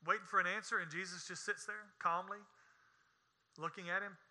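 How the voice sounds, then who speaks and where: A man's voice: high-pitched, fairly even intonation, fairly quick, pushed and bright. A man preaching a sermon in a folksy, emphatic way, with scornful asides. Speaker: pastor.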